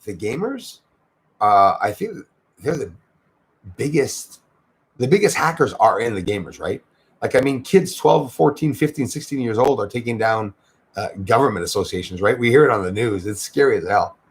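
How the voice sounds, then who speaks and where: A man's voice: mid-range voice, lively intonation, normal speed. A man hosting a livestream, chatting casually and greeting viewers by name as he rambles along. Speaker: livestream host. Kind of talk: casual chat reading out viewer comments.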